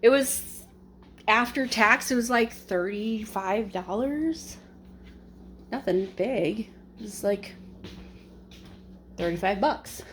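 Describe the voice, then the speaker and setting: A woman's voice: mid-range voice, slow, pauses often, slight background noise. A woman vlogging casually, rambling with lots of fillers and restarts, using informal slang and mock exasperation. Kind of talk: casual chat.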